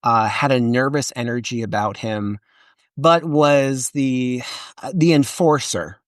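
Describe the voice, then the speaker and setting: At a medium pitch and an unhurried pace, a male author and historian talks in a relaxed podcast interview. He's lively and chatty, full of fillers and restarted sentences, with no room sound on the recording.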